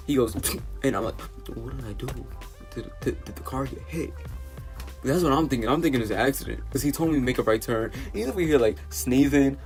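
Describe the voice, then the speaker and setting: A teenage guy tells a story to camera in a lively, exasperated way, stumbling over his words and piling on fillers. His voice sits at an ordinary middle pitch, with faint music playing underneath. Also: brisk. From New York City. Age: teens. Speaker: vlogger. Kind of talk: storytime vlog.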